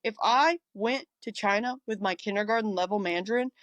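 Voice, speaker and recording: Animated Appalachian-raised woman, dry close mic. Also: mid-range voice, brisk, dry recording. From Appalachia, United States. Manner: animated, mimics voices in quotes. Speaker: podcast guest. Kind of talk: casual podcast chat.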